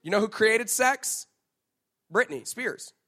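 High-voiced joking pastor. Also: male voice, expressive, slow pace, pushed and bright. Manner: playful, joking preacher who talks straight to the crowd. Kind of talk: sermon.

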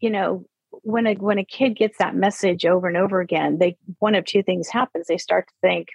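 A woman in her fifties, a therapist, explaining parenting in an earnest conversational interview and slowing down to stress her points. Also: on the low side, fairly even intonation, vocal fry, slightly rough, no echo, rough recording. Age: 50s.

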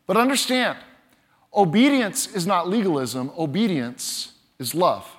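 A male pastor preaching a sermon, animated, acting out quoted voices in it. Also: high-pitched, a little slow, slightly rough.

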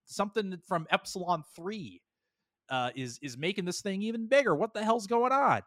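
A man's voice: sits high, lively intonation, fairly bright tone, no echo, clean studio sound. A man hosting a podcast, casually recapping an episode in a rambling way with lots of fillers. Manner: rambling, many fillers, slips into quick character voices. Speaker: podcast host.

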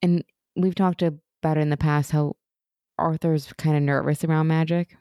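A deep-voiced woman speaks at normal speed in a clear, resonant tone while co-hosting a casual TV recap podcast. She retells scenes with animation, acts out quoted lines, and laughs frequently. The studio sound is clean, with no echo.

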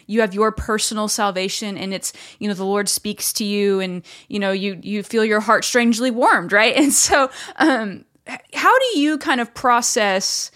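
Woman, podcast host, medium pitch, casual, conversational, rambling questions. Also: normal speed, a bit bright. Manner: conversational, rambling, searching for words.

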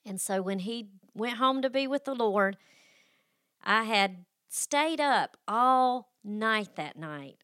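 A woman's voice: mid-range voice, lively intonation, takes it slowly, a bit bright, clean tone, no echo, clean studio sound. A middle-aged woman who hosts a faith podcast and tells a personal story in a folksy, emotional way, with sighs and restarts. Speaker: podcast host.

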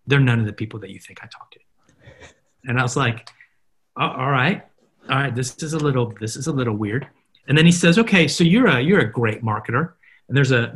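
Husky-voiced man telling animated stories. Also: medium pitch. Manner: animated, acts out dialogue in stories. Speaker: podcast guest, marketer. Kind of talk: casual interview storytelling.

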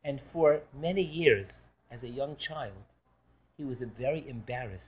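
A man's voice: mid-range voice, moderate pace, breathy edge. A man, a rabbi, giving a Torah class, telling a story animatedly and often restarting phrases as he goes. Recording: lo-fi recording.

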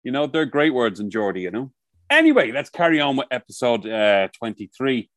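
A man's voice: medium pitch, very animated, fairly quick, fairly bright tone, no room sound. A man co-hosting a casual podcast chat, telling rambling stories and swearing freely. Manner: rambling storyteller, swears a lot. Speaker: podcast co-host. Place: outdoors by the coast.

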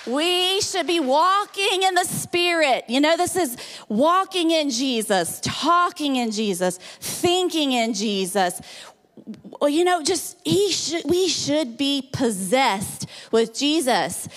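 A woman with a high voice gives a conversational sermon, talking in an animated, chatty way with lots of fillers. Her voice carries a long reverb from the hall she speaks in. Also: a little slow. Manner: chatty and animated, many fillers like "like" and "you know". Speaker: guest speaker.

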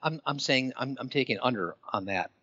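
Man, podcast co-host, hesitant, repeats words, mid pitch, dry muffled recording. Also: brisk, bright, forceful tone, no echo. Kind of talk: casual sports chat.

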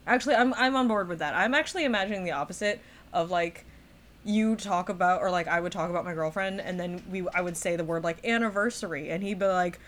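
A woman's voice: on the low side, fast talker, fairly bright tone. A woman co-hosting a podcast in casual chat, often chiming in with "yeah" and "mm-hmm". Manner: agreeable, frequent backchannel "mm-hmm" and "yeah". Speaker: podcast co-host.

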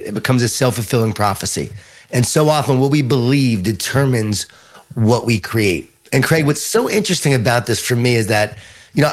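Man, Long Island accent, middle-aged, interview guest, animated storyteller, medium pitch. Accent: Long Island New York. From Long Island, New York. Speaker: author and leadership speaker.

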